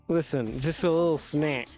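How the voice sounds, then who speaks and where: A male streamer chatting casually while gaming, laid-back and joking at his own expense. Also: on the high side.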